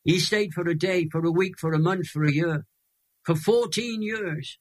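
Husky welsh guy in his 80s, kinda high voice, tells his story with lots of drama. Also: fairly even intonation, brisk. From Wales. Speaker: guest. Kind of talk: emotional testimony storytelling.

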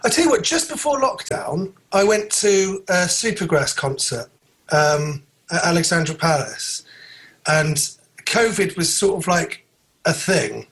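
A man's voice: high voice, measured pace. A man with a British accent, a comedian telling a sweary anecdote in casual podcast chat. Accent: British English. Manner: sweary, animated storytelling with voiced quotes.

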